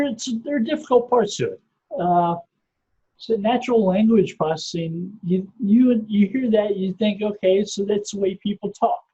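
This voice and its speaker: A middle-aged man, a podcast guest, explaining things step by step in a measured way and often repeating his first word. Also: high-pitched, mellow, breathy edge. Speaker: podcast guest, SEO researcher. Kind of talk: casual explanatory interview talk. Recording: muffled lo-fi podcast audio.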